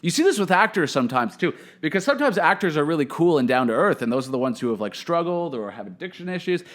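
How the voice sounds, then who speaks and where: A young man telling profane, animated stories as a podcast host, swinging between loud outbursts and muttered asides. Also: a little high, fast talker. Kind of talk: casual comedic storytelling.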